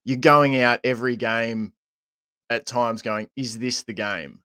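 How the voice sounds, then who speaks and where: A man, hosting a podcast and asking long, halting questions. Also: medium pitch, fairly even intonation, sharp tone, clean tone, dry recording. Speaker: podcast host. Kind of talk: casual podcast interview.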